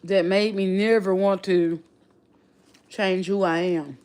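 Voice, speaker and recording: A woman's voice: medium pitch, fairly even intonation, takes it slowly, darkish tone, clean tone. A woman with a regional accent chatting casually on a livestream, reflective and often repeating and restarting her phrases. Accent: non-local regional accent. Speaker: livestream host.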